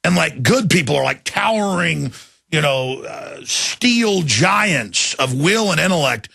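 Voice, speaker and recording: A male talk radio host rants mockingly, with a gravelly, raspy voice and a tense, bright edge. He laughs between lines. The studio sound is dry and close. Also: on the high side, animated, slow pace, no echo. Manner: mocking, mimics voices, laughs mid-rant. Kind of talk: ranting talk radio monologue.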